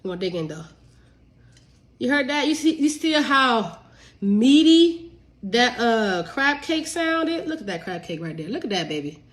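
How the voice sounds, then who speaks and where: Brief: adult woman, home cook on a live stream, sniffly from a cold, chatty and loose, higher-pitched voice. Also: very animated, measured pace. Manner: chatty, addresses viewers as y'all, laughs easily. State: sick and sniffly. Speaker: home cook and cookbook author. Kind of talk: casual live cooking stream.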